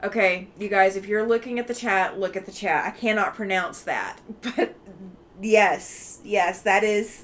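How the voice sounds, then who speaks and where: Hosting a relaxed livestream, this Alabama woman chats warmly as she reads viewer comments aloud, laughing easily and saying um a lot. She speaks at a measured pace in a medium-pitched, somewhat bright voice.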